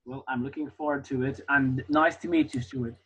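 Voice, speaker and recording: A man's voice: mid-range voice, steady tone, normal speed, lo-fi sound, slight background noise. A man attending a webinar who talks in a friendly way during a call. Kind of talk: casual call chat.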